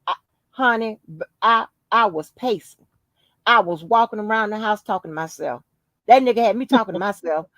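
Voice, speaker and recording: A woman's voice: medium pitch, normal speed, no room sound, poor audio. A woman hosting a podcast, telling a story in casual chat with lots of cursing and emphasis. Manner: profane, emphatic, animated storyteller. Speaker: podcast host.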